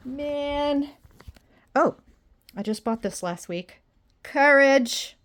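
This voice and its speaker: A woman's voice: sits high, animated, drawn-out words, pauses often, a bit bright. A woman vlogging at home in a rambling, self-deprecating, exasperated way. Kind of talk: casual personal vlog.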